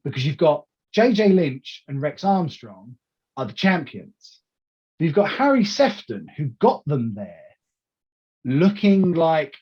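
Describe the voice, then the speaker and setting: A man in casual interview chat as a wrestling promoter, telling animated stories full of restarts and acted-out quotes. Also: fairly high pitch, slow, breathy edge, dull audio. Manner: animated storyteller who acts out quoted lines, with many restarts.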